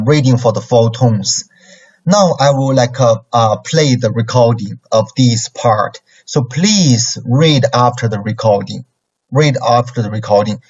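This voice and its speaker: Slow husky male Chinese teacher. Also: medium pitch, a little mellow. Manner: ends phrases with a checking "okay?". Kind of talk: classroom lesson. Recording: dull lo-fi recording.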